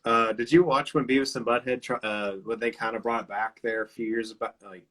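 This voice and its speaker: A man hosting a relaxed conversation over a video call. He rambles through his stories, laughs often and swears offhandedly. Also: mid-range voice, brisk. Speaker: interview host. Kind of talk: casual video chat.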